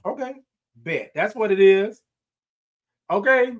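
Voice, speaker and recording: He takes it slowly, his high voice full of lively intonation, as he hosts a casual morning livestream. Comments from viewers get read aloud and answered in an upbeat, repetitive back-and-forth punctuated by laughs.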